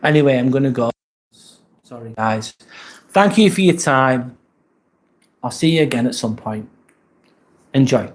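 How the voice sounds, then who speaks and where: A man with a British accent hosts a casual live stream from indoors. His voice sits at an ordinary middle pitch, and his talk is loose and meandering. He keeps thanking the viewers whose comments he reads. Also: measured pace, pauses often. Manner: relaxed, rambling, thanks viewers often.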